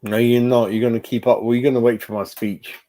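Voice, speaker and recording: A man's voice: medium pitch, fast talker. A man, hosting his own fan channel and reacting live to his chat, swearing a lot. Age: 40s. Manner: sweary, animated, talking to chat.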